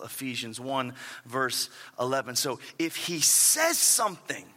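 A man preaching a sermon in an animated way, with stammering restarts and rhetorical questions. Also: mid-range voice, measured pace, big-room sound.

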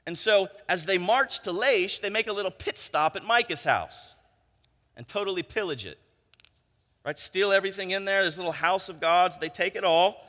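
A man's voice: high-pitched, pushed and bright. A man preaching a sermon, retelling a story in a chatty storytelling manner and often checking in with "right?". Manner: conversational storytelling, frequent tag questions. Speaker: pastor. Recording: long hall reverb.

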